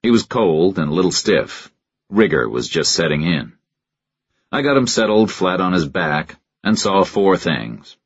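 A man narrating a first-person crime story in a measured, deadpan way. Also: low-pitched, slightly rough, dry recording, lo-fi sound. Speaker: audiobook narrator.

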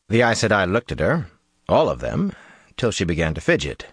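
A man reading a novel aloud as narrator, in a measured, expressive way. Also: sits low, husky, no echo, clean studio sound. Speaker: audiobook narrator. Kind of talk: scripted narration.

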